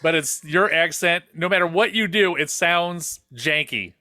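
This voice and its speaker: A man co-hosting a podcast, teasing his friend with quick interjections. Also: a little high, bright, forceful tone, no room sound, studio quality. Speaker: podcast co-host. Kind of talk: casual banter.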